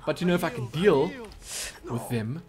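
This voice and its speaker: Male gamer, lively swooping voice, pitched a bit high, jokey and excitable commentary. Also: moderate pace, a crowd in the background. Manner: excitable, exclaiming, chatty and jokey. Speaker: let's play gamer. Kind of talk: live gameplay commentary.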